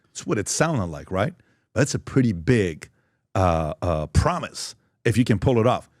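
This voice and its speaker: A man hosting a podcast panel, telling jokes with animated delivery. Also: on the low side, unhurried, no room sound, clean studio sound. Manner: joking, animated storytelling. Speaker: podcast host. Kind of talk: casual panel discussion.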